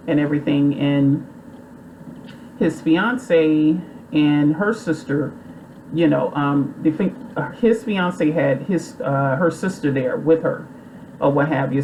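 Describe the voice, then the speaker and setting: A woman's voice: low voice, warm tone, a little hiss or hum, poor audio. A woman casually recapping a movie plot in a rambling, chatty way full of fillers. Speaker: movie reviewer.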